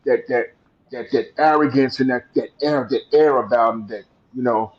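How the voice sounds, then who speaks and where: A relaxed man in casual podcast chat who draws out words for emphasis, speaking at a middle pitch. His recording sounds slightly dull and lo-fi. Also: brisk. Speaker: podcast co-host.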